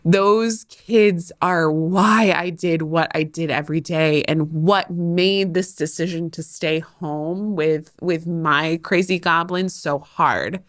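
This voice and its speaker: A woman's voice: lowish voice, fairly even intonation, slow pace, few pauses, dry recording, studio quality. A woman hosting a podcast, a former teacher talking candidly and heartfelt, often laughing at herself. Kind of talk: candid monologue.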